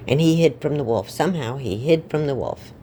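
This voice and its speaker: A woman's voice: a bass voice, lively intonation, fairly quick, warm tone, slight background noise. A woman casually retelling a fairy tale with rambling, offhand, irreverent asides. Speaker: storyteller. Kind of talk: casual comic storytelling.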